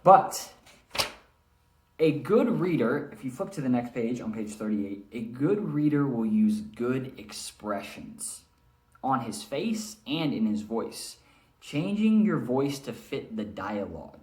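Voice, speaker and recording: A man's voice: medium pitch, big pitch swings, slow, a little mellow. A male teacher giving a recorded reading lesson, explaining and demonstrating how to read aloud. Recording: echoey room.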